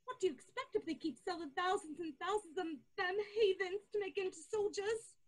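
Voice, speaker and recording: An actress playing an old, devout, superstitious nursemaid who frets and preaches doom. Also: female voice, very high voice, fairly quick, low-quality recording. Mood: frightened.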